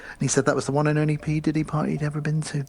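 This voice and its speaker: A man's voice: fairly high pitch, monotone, rapid-fire, vocal fry, darkish tone. A man co-hosting a podcast, rambling chattily through a film recap with many ums. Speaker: podcast co-host. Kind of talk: casual chat recapping a film.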